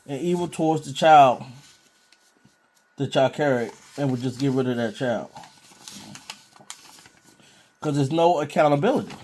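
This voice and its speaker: A man's voice: mid-range voice, a little mellow. A man preaching informally from scripture in a blunt, scolding way.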